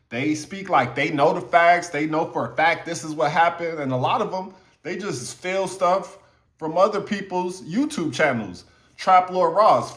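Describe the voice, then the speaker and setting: Casual YouTube commentator, male, slightly higher voice, chatty and hedging, talks straight to the audience. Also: fairly bright tone. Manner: loose and conversational, many fillers, hedging opinions.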